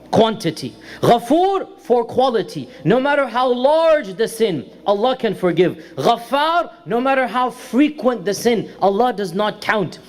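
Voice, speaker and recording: A man lecturing to a congregation, explaining step by step and repeating key terms for emphasis. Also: high-pitched. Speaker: religious lecturer. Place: Islamic centre lecture hall.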